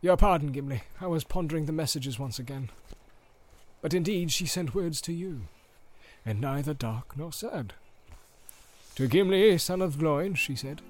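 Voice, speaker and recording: An ancient male wizard, grave and solemn, as a man reads him aloud. He speaks in a measured way and chants verse like an old prophecy, from a storybook reading. Strong orchestral film music plays beneath him. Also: on the high side, a little mellow, pitched above the performer's own voice. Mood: warm. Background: film score music.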